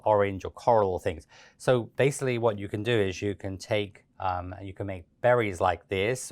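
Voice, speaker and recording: A man giving a relaxed, chatty step-by-step cake decorating tutorial, with frequent fillers and restarts. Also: sits low, no room sound.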